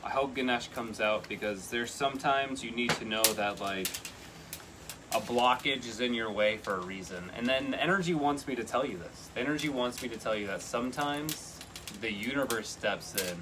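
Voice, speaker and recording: A man giving a live tarot reading, chatty and earnest, with sudden excited bursts. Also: medium pitch, moderate pace, background noise. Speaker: tarot reader.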